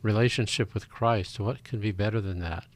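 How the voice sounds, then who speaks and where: A man's voice: lowish voice, moderate pace. A man on a live radio show making an earnest, rambling appeal for support. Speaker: radio co-host.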